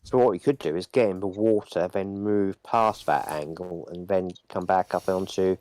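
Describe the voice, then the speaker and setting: A man playing a tabletop game, thinking aloud about plans and quickly agreeing with the others. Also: low-pitched, a little mellow, no echo. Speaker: player. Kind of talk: casual table talk.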